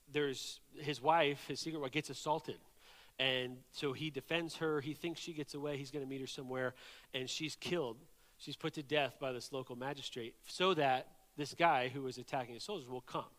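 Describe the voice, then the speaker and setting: A man preaching a sermon, telling a story in an animated way and often checking in with "right?" and "okay?". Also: a little high, long reverb tail.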